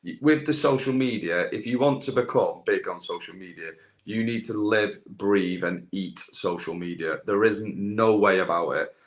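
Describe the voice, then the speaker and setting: A man's voice: on the low side, normal speed. A young man chatting casually as a podcast guest, rambling with lots of fillers and restarts. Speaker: guest, landscaping business owner with a social media following. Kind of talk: casual chat.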